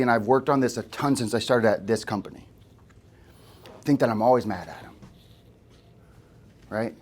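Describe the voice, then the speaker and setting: A man's mid-range, slightly mellow voice leads a room of agents through live sales training. His style is conversational, and he regularly asks the audience questions.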